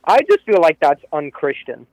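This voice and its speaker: A man calls in to a comic show, crude and mocking. His voice is pitched high. The recording is close and dry. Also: big pitch swings, moderate pace, a little mellow, no room sound, poor audio. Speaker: caller. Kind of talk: comic call-in.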